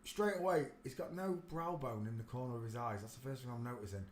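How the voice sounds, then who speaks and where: A man hosting a casual livestream, rambling to himself as he browses pictures and turning loud and animated when he tells a story. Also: medium pitch, fast talker. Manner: rambling, talks to himself while searching pictures; gets loud and animated telling stories. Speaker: livestream host. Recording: roomy echo with faint ambience.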